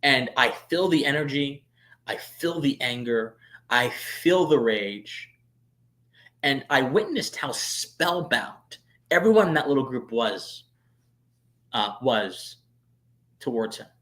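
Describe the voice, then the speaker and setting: A man in the middle of his pitch range chats through a long personal story for his live stream viewers. He talks in a loose, animated way, full of fillers and restarts. His level swings from murmured asides to sudden loud bursts. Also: slow, pauses often. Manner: chatty, many fillers and restarts. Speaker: streamer and show host.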